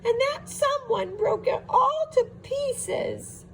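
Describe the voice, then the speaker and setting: A woman voicing a tiny, frightened boy bear cub in a high, squeaky wail. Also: slow pace. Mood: upset, squeaky. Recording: steady background hiss.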